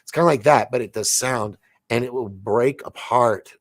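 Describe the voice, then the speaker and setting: A man in his forties hosting a late-night livestream, rambling excitably with stammering restarts as he reads viewer comments aloud. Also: mid-range voice, moderate pace, dry recording, studio quality. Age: 40s. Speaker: livestream host.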